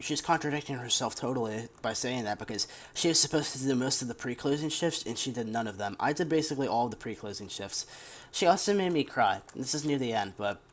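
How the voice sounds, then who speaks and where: A young man telling a long story in a casual, rambling way as a gaming commentator. He vents his frustration and curses now and then. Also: mid-range voice. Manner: rambling, venting, casual cursing. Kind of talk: casual storytime over gameplay.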